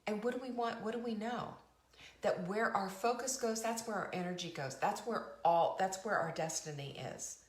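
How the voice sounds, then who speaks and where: A woman's voice: mid-range voice, moderate pace, echoey room. A middle-aged woman hosting a live motivational talk, emphatic and preachy, repeating phrases and asking her audience questions. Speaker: show host.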